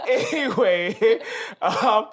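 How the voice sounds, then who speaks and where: A man's voice: high voice, animated, extremely slow, fairly bright tone. A man hosting a podcast in playful, hype, joking casual chat. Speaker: podcast host.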